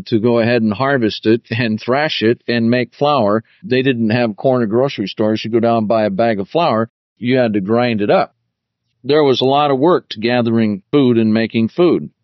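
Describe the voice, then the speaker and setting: A man teaching through the Bible verse by verse, deliberate, stressing key words as he explains them. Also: mid-range voice, no room sound, dull audio.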